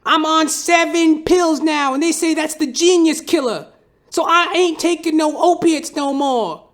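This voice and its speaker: A man doing a high, ranting celebrity rapper. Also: a bit bright. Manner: preachy, emphatic, drawn-out. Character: impression of a famous male rapper ranting.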